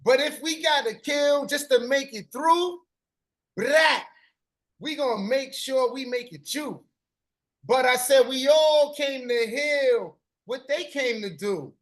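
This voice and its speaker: High voiced host doing spoken word poetry, slow and rhythmic, chanting the same refrains over and over. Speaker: host of a live stream.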